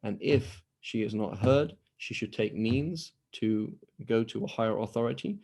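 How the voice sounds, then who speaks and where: This man teaches Islamic studies online over a video call, answering questions in a conversational style and frequently voicing the dialogue he quotes. He speaks at a measured pace in a lowish, darkish voice.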